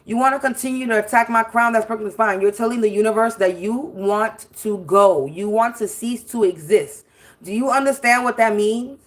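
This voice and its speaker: A woman's voice: on the high side, moderate pace. A woman hosting a spiritual livestream, delivering a profane, confrontational rant with repetition and scattered laughs. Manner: laughs mid-sentence. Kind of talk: ranting livestream monologue.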